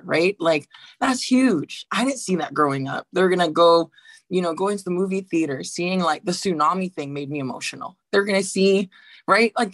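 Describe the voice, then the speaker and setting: Theatre actress from Guam, heartfelt and animated, dry video call audio. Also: female voice, deep voice, no echo. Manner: emotional, animated, says "right" often. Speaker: guest, theatre actor. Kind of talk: casual panel chat.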